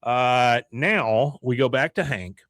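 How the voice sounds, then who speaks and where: A man's voice: takes it slowly, no room sound, studio quality. A man hosting a podcast, casually recapping a cartoon episode and acting out the characters' lines. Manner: acts out characters' lines with animated pitch jumps. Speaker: podcast host.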